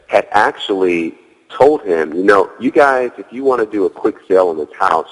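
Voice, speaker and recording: A man's voice: low-pitched, a bit bright, slightly rough, big-room sound, low-quality recording. A man as a guest in an interview, telling a story casually, leaning on "you know" and acting out his own dialogue. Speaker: guest, real estate wholesaler.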